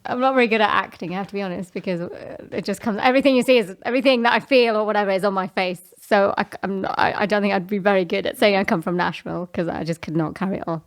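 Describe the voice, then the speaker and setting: A woman's voice: mid-range voice, very fast, few pauses. A Welsh woman, a jazz singer, chatting as a guest on a live podcast and laughing often. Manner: laughs often, self-deprecating. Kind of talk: casual podcast chat. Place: live recording at a house venue.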